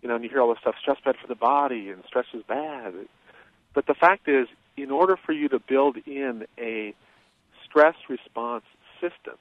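Male expert guest, measured and explanatory, heard over a dry, phone-like line. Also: medium pitch, no room sound. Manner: measured, explanatory, many fillers. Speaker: guest expert on childhood trauma. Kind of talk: interview explanation. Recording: tinny phone-line sound.

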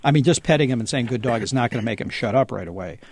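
A man with a gravelly, fry-laden voice talks through dog behavior on a call-in radio show. He is easygoing and slips into little acted-out lines. The sound is dry and close. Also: mid-range voice, expressive, rapid-fire, dry recording. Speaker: dog trainer guest.

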